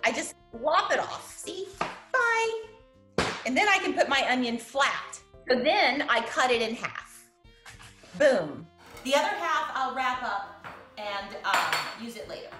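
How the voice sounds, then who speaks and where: Brief: woman host of a homey cooking show, lively, bouncing pitch, chatty and playful, recorded in an echoey room with light music. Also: takes it slowly. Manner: chatty, playful, laughing often. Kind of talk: casual cooking demonstration over video call.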